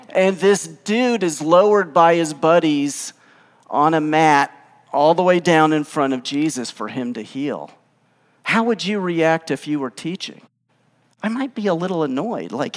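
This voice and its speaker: Animated man preaching in a reverberant hall. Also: high-pitched, measured pace. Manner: animated storytelling, acting out quoted lines. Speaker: pastor. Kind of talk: casual sermon.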